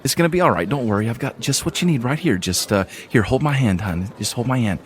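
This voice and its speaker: A man's voice: mid-range voice, expressive, fast talker, voice pushed up, lightly acted. A man voicing a kindly, bustling woman who runs a tavern and heals the wounded, with a motherly way of calling people hon. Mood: soothing.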